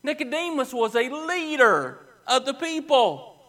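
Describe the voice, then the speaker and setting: High-voiced preacher. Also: male voice, very animated, fairly bright tone. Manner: emphatic preaching, repeating phrases with slow stressed words. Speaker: pastor. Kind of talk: sermon. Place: church sanctuary.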